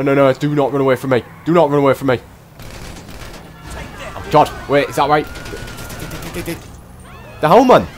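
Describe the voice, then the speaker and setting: Brief: male gamer, frantic live commentary, mid pitch, faint noise. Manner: frantic, exclaiming, muttering to himself. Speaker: gameplay streamer.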